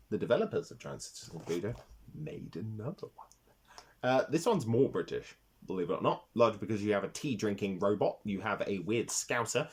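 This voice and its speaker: A man's voice: fairly low pitch, husky. A man hosting a casual retro game review vlog, talking with rambling enthusiasm and swearing freely.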